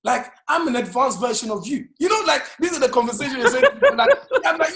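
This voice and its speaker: A Congolese man with a British accent hosting a comedic chat, animated and laughing, often repeating words. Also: very high voice, quick pace, few pauses, roomy sound. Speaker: host.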